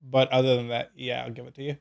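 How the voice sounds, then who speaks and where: A man's voice: mid-range voice, monotone, fast talker, gravelly, clean tone. Profane man rambling through a story. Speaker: podcast co-host. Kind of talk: casual chat, storytelling.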